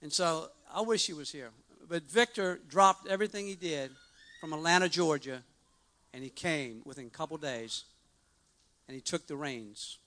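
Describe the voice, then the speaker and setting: A man's voice: fairly high pitch, moderate pace, pushed and bright. A middle-aged man giving a personal testimony to a church congregation, earnest and rambling, with frequent restarts and fillers.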